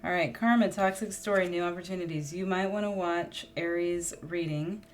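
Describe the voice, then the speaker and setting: A woman's voice: fairly low pitch, normal speed, a little hiss or hum. A woman reading tarot cards in a casual, musing monologue, thinking aloud and getting emotional as she draws cards. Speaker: tarot reader.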